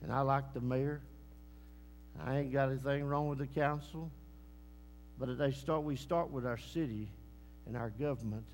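A man preaching a sermon and telling a moving story, swinging between loud bursts and hushed lines. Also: medium pitch, steady tone, moderate pace, pauses often, slight background noise. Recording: long echoing church hall reverb.

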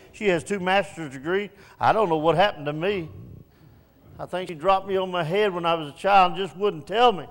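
A man pastor preaching a sermon in a folksy, self-mocking way that swells to shouts. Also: sits high, in a large hall.

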